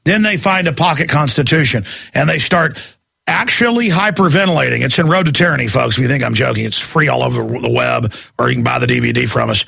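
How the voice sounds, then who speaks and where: A man hosting a radio show, talking in a heated, mocking way and acting out quotes in shrill voices. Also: quick pace, vocal fry, pushed and bright, breathy edge. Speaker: radio host. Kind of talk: heated talk radio monologue.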